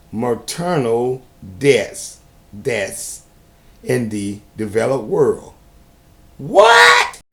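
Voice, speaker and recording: A man talking to the camera in a homemade video, preachy and sarcastic, often rising to loud outbursts. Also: medium pitch. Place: indoors at home.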